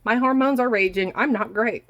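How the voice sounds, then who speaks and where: A woman in her forties venting in a casual monologue, blunt and quick to swear, repeating herself for emphasis. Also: fairly high pitch, a bit bright, poor audio. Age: 40s. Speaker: vlogger. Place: home kitchen while food cooks. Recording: faint frying noise behind. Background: food sizzling in a pan.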